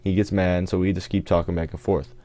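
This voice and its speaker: A man's voice: low voice, flat delivery, quick pace, dark tone. A teenage boy telling a rambling story over gameplay footage, often correcting himself as he goes. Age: teens. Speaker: gaming channel host.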